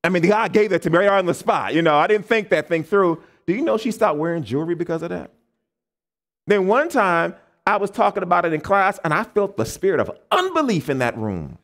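An American man with a high voice preaches a camp meeting sermon at a fairly quick pace. Animated, he fires call-and-response questions at the congregation and acts out the people he quotes in changed voices.

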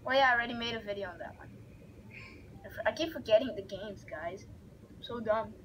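A woman giving excitable let's-play commentary, reacting loudly and narrating the action on screen. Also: on the high side, a little fast, slight background noise, poor audio. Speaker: gaming video creator.

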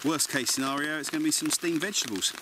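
A man's voice: fairly high pitch, fast. A man chatting to camera at a rainy woodland camp at night, upbeat and self-mocking as he cooks over a fire. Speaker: vlogger. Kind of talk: casual chat to camera. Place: woodland campsite outdoors in rain at night. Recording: loud rain and crackling outdoors.

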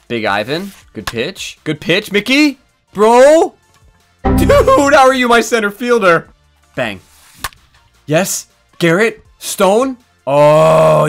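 A man commentating his own game with a very lively, jumpy pitch, dropping to grumbles one moment and shouting the next. He curses freely and talks straight at the players on screen. Faint game music sits under his voice. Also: creaky. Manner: swings from muttering to yelling, swears a lot. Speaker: gaming YouTuber. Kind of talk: excited live gameplay commentary.

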